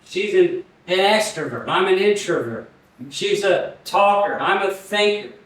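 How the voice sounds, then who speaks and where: Older preacher, high voice, booming echo. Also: male voice, lively intonation, a bit bright. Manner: earnest, halting, restarts words often. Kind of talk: sermon. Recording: very echoey, voice from far off the mic.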